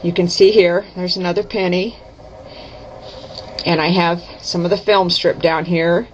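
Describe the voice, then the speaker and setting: A woman's voice: lowish voice, fairly even intonation, a little slow, slight background noise. Chatty woman demoing crafts, lo-fi audio. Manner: chatty, self-correcting, folksy. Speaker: craft vlogger. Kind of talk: casual craft demo to camera. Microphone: camera mic. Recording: dull lo-fi camera audio.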